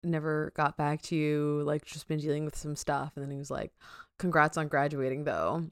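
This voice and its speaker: Young female podcast co-host, chatty and giggly, low clear voice. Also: fairly even intonation, normal speed, dry recording, studio quality. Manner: giggly, chatty, many fillers. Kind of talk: casual chat.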